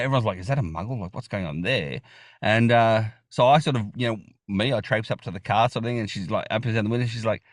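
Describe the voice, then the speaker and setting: In studio-quality audio free of any room sound, an Australian podcast guest with a fairly low voice chats eagerly in a relaxed interview. His talk rambles, full of fillers and false starts.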